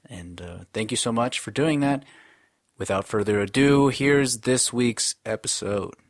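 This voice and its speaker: A man's voice: mid-range voice, measured pace, no echo. Dry-voiced rambling man hosting a podcast. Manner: loose and rambling, laughs often, curses casually. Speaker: podcast host. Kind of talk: casual podcast chat. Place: small room with co-hosts in person.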